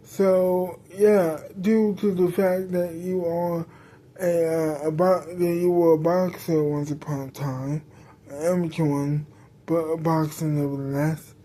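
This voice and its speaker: A woman voicing a worried young woman visiting a friend in hospital, asking halting, hesitant questions. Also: low voice, little pitch movement, warm tone. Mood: nervous.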